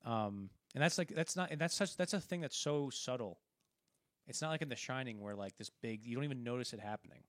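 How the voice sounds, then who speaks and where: A podcast co-host talks films in a medium-pitched, lively voice, speaking a little fast. He casually retells movie scenes in a rambling way with many restarts, captured in clean, dry studio sound with no room echo.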